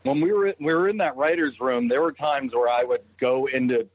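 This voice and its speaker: A man's voice: mid-range voice, lively intonation, normal speed, dry recording, phone-quality sound. A man from Boston, a guest on a podcast, telling stories animatedly and swearing freely in casual chat. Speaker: guest, show creator.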